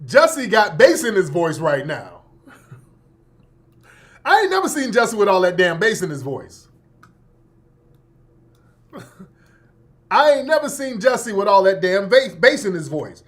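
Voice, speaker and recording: Sarcastic man with a lively voice. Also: high voice, unhurried, pauses often. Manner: sarcastic, mocking, laughs often, repeats "hold on". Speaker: radio show host. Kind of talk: mocking commentary monologue.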